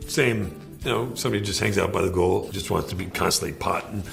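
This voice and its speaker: A man's voice: sits low, brisk, creaky, soft background music. A Canadian man from Canada, explaining slang in a laid-back, jokey, folksy way in a played clip.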